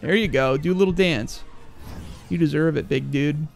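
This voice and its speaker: Brief: young male gamer commentator, crude and mock-angry, slightly high, gravelly. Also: moderate pace, music in the background. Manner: profane, mock-angry, joking. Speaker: gaming video host.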